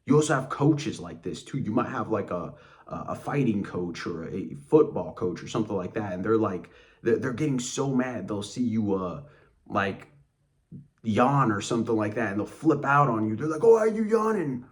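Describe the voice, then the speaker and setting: Blunt, low-voiced man ranting. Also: animated, moderate pace. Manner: blunt, contemptuous, cursing. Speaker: motivational channel host. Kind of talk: angry motivational rant.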